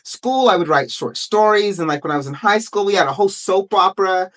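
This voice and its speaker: Animated woman from utah telling her story, voice jumping all over, emphatic. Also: medium pitch. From Salt Lake City, Utah. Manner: lively, emphatic, quick to act out quotes. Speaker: guest author.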